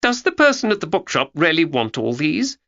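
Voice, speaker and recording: A man voicing Georgia, a curious and chatty young woman who is full of quick questions. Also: low-pitched, big pitch swings, a bit bright, muffled recording, voice pushed up, exaggerated voice. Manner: quick questions, exclaims readily.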